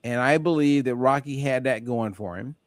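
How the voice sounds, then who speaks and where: A man hosting a group call, telling an animated story and acting out the voices of people in it. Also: mid-range voice, moderate pace, dry recording. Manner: animated, acts out voices in anecdotes. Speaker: host. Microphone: call audio.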